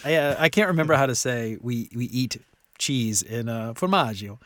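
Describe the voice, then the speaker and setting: A man in his thirties co-hosting a podcast in casual chat, animated and rambling, often laughing. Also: mid-range voice, moderate pace, no echo. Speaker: podcast co-host.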